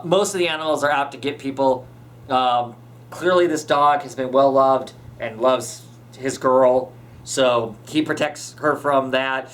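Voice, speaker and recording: A man hosting a podcast, chatting casually as he recaps a comic, full of fillers and restarts. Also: medium pitch. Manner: rambling, many fillers and restarts. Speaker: podcast host.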